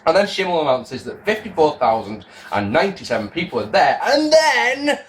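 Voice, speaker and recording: A young man giving a casual spoken review to camera, rambling, excitable and often breaking off mid-sentence. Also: mid-range voice, a little fast, slight background noise. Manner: rambling, self-interrupting, excitable. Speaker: wrestling video reviewer.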